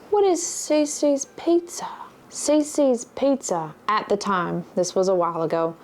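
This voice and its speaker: Wry woman chatting while she crafts. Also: mid-range voice. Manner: wry, sardonic storytelling. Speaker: vlogger. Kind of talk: casual monologue while crafting.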